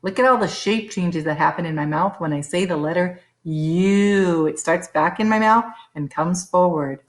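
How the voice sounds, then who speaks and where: A woman teacher giving a phonics lesson for young children, slowly and carefully sounding out letters. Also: lowish voice.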